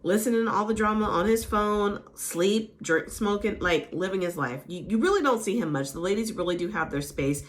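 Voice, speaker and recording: A woman hosting a casual reality TV recap, chatty and animated, who often slips into quick impressions of the cast. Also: medium pitch. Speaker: recap host.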